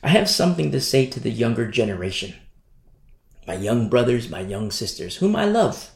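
A male preacher delivering an impassioned sermon, driving points home by repeating them. His pitch rises and falls widely from phrase to phrase. The voice rings out in an echoey room. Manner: repetitive, impassioned, sweeping pitch swings.

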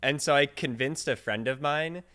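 A man co-hosting a podcast, playful and quick to laugh, chatting about doing accents. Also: mid-range voice, pushed and bright, smooth. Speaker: podcast co-host. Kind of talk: casual chat.

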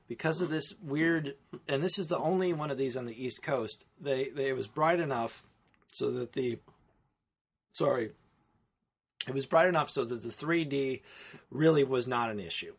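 A male podcast co-host chatting about films in a loose, rambling style. He stumbles, trips over his words and restarts his sentences, and his delivery keeps an easy, animated energy. His pitch sits in a middle range for a man. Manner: rambling, animated, self-interrupting. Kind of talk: casual film chat.

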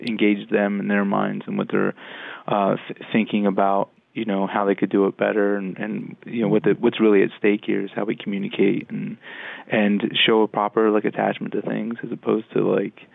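A man reflecting on parenting in a halting, casual way, heard over a tinny line. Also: lowish voice, monotone, gravelly, no room sound. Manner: reflective, halting, many fillers.

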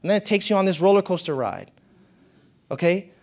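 A man giving a motivational talk to an audience, casual and conversational. He often breaks into laughter. His voice swings from quiet, low stretches up to bright, excited highs. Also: fairly quick. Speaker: speaker addressing an audience.

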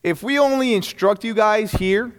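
A man's voice: high-pitched, moderate pace, clean tone, long reverb tail. A man teaching a church class in a casual, earnest way, asking rhetorical questions and chuckling between points.

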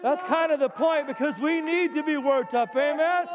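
A man preaching a sermon as pastor in a church, urging the congregation to respond and rising into loud chanted shouts. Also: very high-pitched, moderate pace, hardly any pauses, long reverb tail, dull audio, over a noisy crowd, very noisy. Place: church sanctuary.

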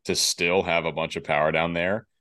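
Very deep-voiced male host. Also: level tone, normal speed, pushed and bright. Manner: enthusiastic, talkative, many restarts. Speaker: podcast host, opera bass singer. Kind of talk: casual interview chat.

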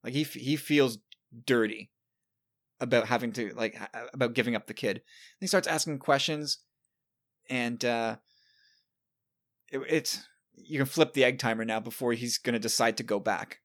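A man's voice: medium pitch, normal speed, pauses often, a bit bright. A man in his thirties hosting a casual chat, talking loosely and often restarting his words.

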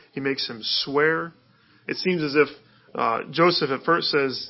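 A man's voice: fairly high pitch, steady tone, normal speed, dull audio. A male pastor preaching a sermon in an easygoing, conversational way, with fillers and restarts.

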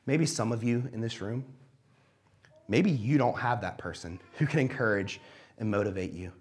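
A man giving a sermon in a church hall, conversational and animated, sometimes dropping to a quiet, reflective tone. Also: on the low side, normal speed. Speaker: pastor.

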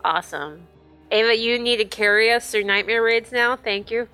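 A woman's voice: on the high side, moderate pace, bright, forceful tone, faint music behind. A woman co-hosting a casual podcast, chatty and full of fillers. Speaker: podcast co-host.

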